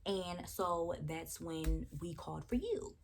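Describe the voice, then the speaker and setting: A young woman vlogger telling a storytime about a rude customer, animated, blunt and profane. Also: fairly low pitch, slow pace, slight background noise. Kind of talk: storytime chat.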